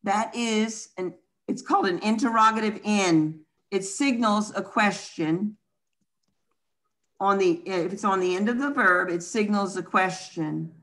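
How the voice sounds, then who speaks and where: A language teacher runs an online class, explaining each step with patience. Her mid-range voice is slightly bright and unhurried.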